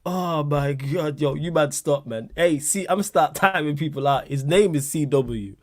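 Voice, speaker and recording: A man's voice: on the high side, normal speed, no room sound, studio quality. A man hosting a casual livestream chat, laughing a lot, swearing and using slang while answering viewer questions.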